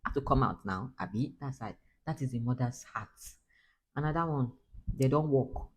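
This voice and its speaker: A woman's voice: a bass voice, animated, moderate pace, husky, poor audio. A young Nigerian-accented woman chatting casually to camera as a mother, laughing often and slipping into pidgin. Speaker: mother vlogger.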